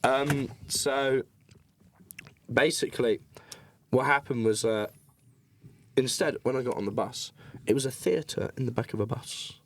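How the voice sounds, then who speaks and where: A man's voice: mid-range voice, unhurried, pauses often. A young man telling a story in casual, sweary podcast chat and acting out other people's voices. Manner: animated, swearing, acts out voices. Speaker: podcast co-host.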